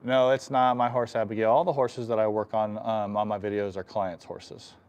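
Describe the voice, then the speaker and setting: Low-voiced man soothing a horse. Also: moderate pace. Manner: explains calmly, often breaks off to soothe the horse softly; clears throat often. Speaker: equine chiropractor. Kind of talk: live-stream demonstration and explanation. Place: horse stall in a stable.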